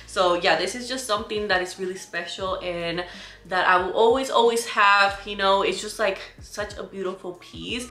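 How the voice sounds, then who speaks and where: A woman's voice: mid-range voice, bright, forceful tone. A young woman from Puerto Rico, in her twenties, casually chatting through a product haul and talking straight to her viewers. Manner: chatty, keeps addressing viewers as "you guys". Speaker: vlogger. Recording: echoey room.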